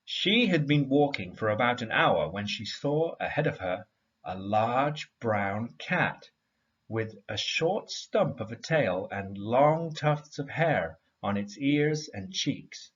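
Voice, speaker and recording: A man reading a story aloud to a class in an expressive storytelling manner. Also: fairly low pitch, muffled recording. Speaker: teacher.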